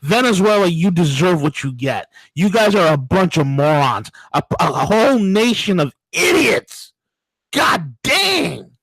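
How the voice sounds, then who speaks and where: A man's voice: high voice, sing-song, normal speed, hardly any pauses, breathy edge, no room sound, low-quality recording. Guy cohosting a political talk show, mocking crude storyteller, real dry close mic. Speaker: co-host.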